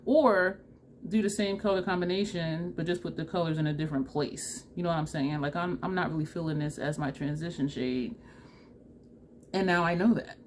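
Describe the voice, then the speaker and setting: A woman vlogger chatting excitedly and laughing often as she talks viewers through a makeup tutorial. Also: lowish voice, a little hiss or hum. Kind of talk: casual makeup tutorial chat.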